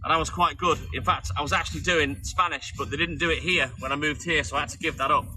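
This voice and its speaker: A man's voice: a little high, fairly even intonation, fast, bright, forceful tone. A man in his fifties, a milkman chatting casually on a phone live stream and greeting viewers by name. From England. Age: 50s. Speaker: milkman livestreaming. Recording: music playing behind.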